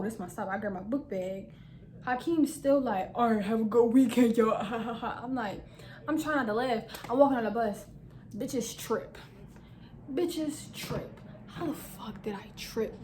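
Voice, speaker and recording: A woman's voice: on the high side, a little mellow, slight background noise. A young woman vlogger telling a funny personal story in slangy casual talk, acting out her own lines. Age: young adult.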